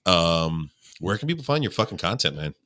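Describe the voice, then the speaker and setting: A man's voice: low voice, very animated, a little fast, pushed and bright, no room sound, clean studio sound. A young adult man co-hosting a podcast, talking in a rambling way full of fillers and swearing. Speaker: podcast co-host. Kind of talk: casual podcast chat.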